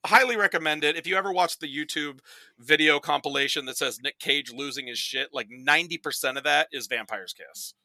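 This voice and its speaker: Bright-voiced man telling animated stories. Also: on the high side, fairly quick, dry recording, rough recording. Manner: animated storytelling with exaggerated impressions. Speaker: podcast guest. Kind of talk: casual chat.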